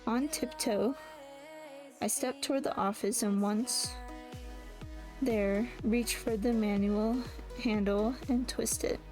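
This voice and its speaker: Woman, audiobook-style narration, slightly high voice, stumbles and rereads lines, soft music underneath. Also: fairly even intonation, slow, pauses often. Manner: reads with frequent restarts and self-corrections. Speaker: audiobook reader. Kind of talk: first-person novel narration.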